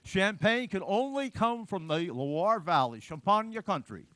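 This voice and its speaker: A man voicing an obstinate male French treaty negotiator in a mock Italian accent, slow and emphatic. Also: sits high, animated, a bit bright, no echo, pitched above the performer's own voice. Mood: insistent.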